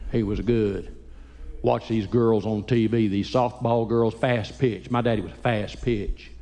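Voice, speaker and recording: A man, a Christian comedian doing folksy, animated stand-up storytelling. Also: fairly low pitch, measured pace. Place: church hall. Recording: echoey hall, faint ambience.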